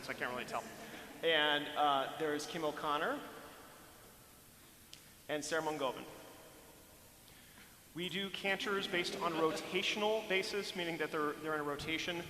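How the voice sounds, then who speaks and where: A man's voice: on the high side, moderate pace, pauses often, pushed and bright, a little hiss or hum. A man, a church music director, giving a friendly, rambling live-streamed talk with many fillers and restarts, speaking on a microphone inside a large church. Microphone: handheld or stand microphone. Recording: echoey hall, faint room ambience.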